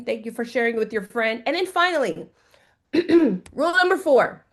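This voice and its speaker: A woman from Jamaica teaching an online trading class over a video call, upbeat and encouraging, greeting attendees by name. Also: fairly high pitch. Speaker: trading coach.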